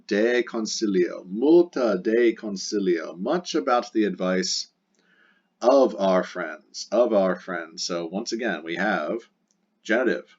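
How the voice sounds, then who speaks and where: A man's voice: low-pitched, breathy edge, dull audio. A man teaching a recorded grammar lesson, working through examples patiently and repeating key phrases. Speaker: Latin teacher.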